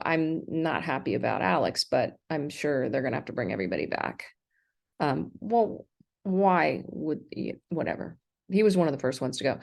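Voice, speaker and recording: Ranting indignantly on a livestream, this middle-aged woman from the United States rambles, restarting often and saying um a lot. She's a vlogger, and her lowish voice is creaky and a little mellow.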